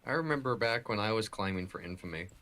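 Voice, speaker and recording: A man from the Chicago suburbs chatting casually on a gaming stream, relaxed and often replying briefly. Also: fairly low pitch, fast.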